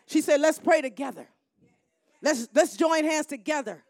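Woman minister, middle-aged, high and bright, preaching with shouted builds; dry close sound. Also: moderate pace, no echo. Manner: preaching with rising shouts and call-and-response. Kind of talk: sermon.

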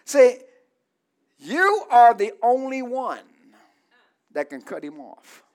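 Male preacher with a very high voice, delivering a call-and-response sermon that builds to shouting. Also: huge pitch swings, takes it slowly. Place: church.

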